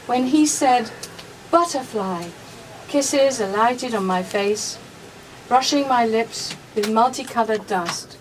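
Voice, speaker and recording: A woman in her sixties reading a love poem slowly and tenderly on a radio show. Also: fairly high pitch. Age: 60s. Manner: slow, tender, measured. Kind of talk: poetry reading. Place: hospital radio studio. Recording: distant mic with faint hiss.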